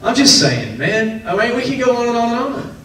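A man preaching a sermon as pastor, animated, acting out the people in his stories and laughing often. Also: very high voice, a little fast, distant mic. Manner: animated, acts out quoted voices, laughs often. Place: church sanctuary. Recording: echoey hall, preacher off-mic, faint noise.

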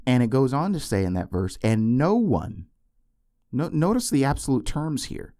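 A man's voice: mid-range voice, very animated, brisk, darkish tone, no room sound, clean studio sound. A man teaching the Bible on a podcast, earnest and emphatic, repeating key words and checking in with "okay?" and "right?".

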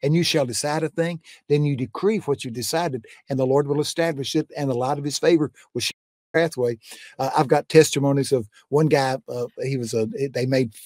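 A man's voice: medium pitch, brisk, darkish tone, dry recording, studio quality. An older man, a guest preacher, telling faith testimonies in a folksy, fervent conversational way and often repeating "I'm telling you.".

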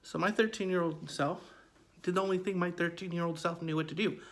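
A man's voice: high voice, steady tone, a little fast. A man in his forties telling a true ghost story in a conversational, emphatic way, often repeating his phrases. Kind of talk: casual spoken storytelling.

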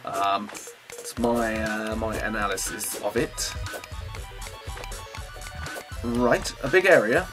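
A man giving chatty, self-mocking let's play commentary at his computer, breaking into sudden excited outbursts. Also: on the low side, normal speed, over music. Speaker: gaming channel host.

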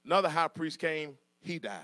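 Church preacher guy, middle-aged, high pitched, joking with the congregation then shouting. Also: expressive, moderate pace. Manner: swings from soft asides to shouted preaching; jokes with congregation, laughs. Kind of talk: sermon. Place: church sanctuary.

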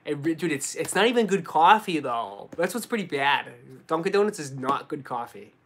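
A young man with a Boston accent, chatting casually on a live stream and answering viewers, relaxed and full of slang. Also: a little high, normal speed. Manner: relaxed, slangy, says dude and bro a lot. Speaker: sneaker YouTuber answering live chat.

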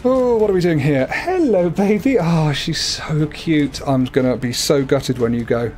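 A man's voice: moderate pace, a little mellow, soft background music. Chatty man streaming a game. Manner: chatty, playful, often slips into a high cooing voice for his cat. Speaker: gaming livestreamer. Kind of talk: casual livestream commentary.

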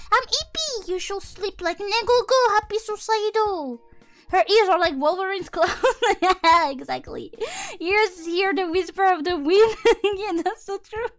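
A woman streaming as a VTuber, chatting casually with viewers in a giggly, exuberant and playfully crude way. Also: extremely high pitch. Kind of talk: casual livestream chat with viewers.

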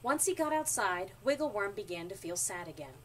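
Animated woman reading a storybook. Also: medium pitch, brisk. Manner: expressive, animated. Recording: distant mic, faint background noise.

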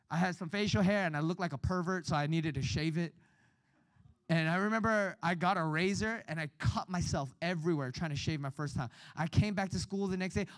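A young adult man preaching at a retreat, telling a personal story with animated delivery and acted-out quotes. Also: fairly high pitch, no echo, low-quality recording. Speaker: youth retreat speaker. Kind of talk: sermon.

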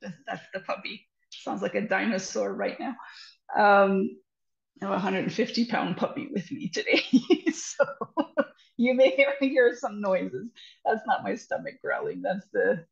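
Gravelly woman giving earnest parenting advice. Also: medium pitch, animated, measured pace. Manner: earnest, reassuring, repeats "trust me". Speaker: parenting educator guest. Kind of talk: conversational advice talk. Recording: roomy, slightly dull lo-fi sound.

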